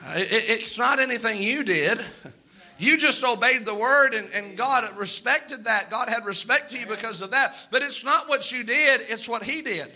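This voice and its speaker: A man's voice: very high voice, normal speed, sharp tone. A male pastor preaching a sermon, repeating lines for emphasis and calling out amens.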